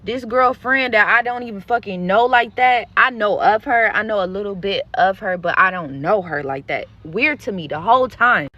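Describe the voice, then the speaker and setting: A woman's voice: medium pitch, moderate pace, few pauses, bright, forceful tone, highs cut off. A woman telling a story to her viewers in a vlog, blunt and profane, with lots of animation in her delivery. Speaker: content creator.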